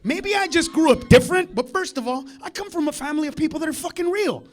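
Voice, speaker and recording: A man doing live stand-up comedy, ranting loudly and brashly with lots of profanity. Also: extremely high pitch, expressive, fast.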